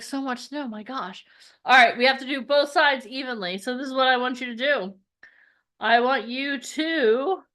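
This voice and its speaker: A woman's voice: a little high, a bit bright. A woman hosting a live virtual event, upbeat and chatty, leading the audience in an energy exercise. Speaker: event host.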